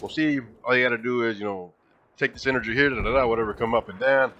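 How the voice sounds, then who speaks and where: A man's voice: medium pitch, quick pace, bright, forceful tone, highs cut off, a little hiss or hum, voice pushed down, close to an everyday voice. A young man imitating a droning male math teacher. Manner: droning, lecturing, vague filler syllables. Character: rambling middle-aged male math teacher.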